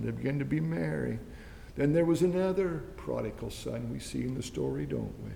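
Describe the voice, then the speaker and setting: A man preaching a fervent, pleading sermon, swinging between loud and hushed. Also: brisk, gravelly. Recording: long reverb, faint rumble.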